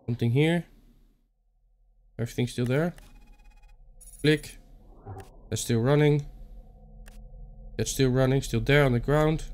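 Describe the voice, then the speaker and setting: A man's voice: mid-range voice, moderate pace, pauses often. A young man with a Dutch accent giving playful, muttered commentary on a horror game playthrough, talking to himself and joking. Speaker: gaming YouTuber.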